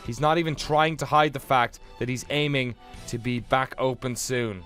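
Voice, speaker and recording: Sweary joking let's-play host. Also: male voice, medium pitch, moderate pace, hardly any pauses, a bit bright, soft background music. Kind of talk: casual let's play commentary.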